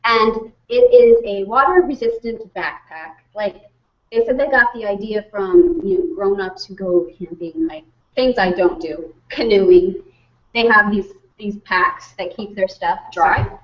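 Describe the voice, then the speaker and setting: A woman's voice: mid-range voice, expressive, a little slow, distant mic, lo-fi sound. A woman co-hosting a casual talk show, chatty with wry asides. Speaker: co-host. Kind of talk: casual chat.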